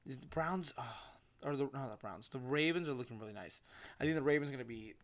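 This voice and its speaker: A young man with a medium-pitched voice talks at a quick pace as the solo host of his own casual sports podcast. He rambles, corrects himself, and swears freely.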